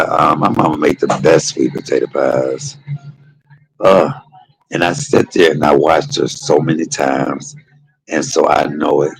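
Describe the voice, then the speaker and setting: A man's voice: rumbling low, vocal fry, husky, rough recording. A middle-aged man hosting a livestream, telling casual stories in a chatty vernacular that drifts from one memory to the next. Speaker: livestream host. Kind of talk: casual storytelling monologue.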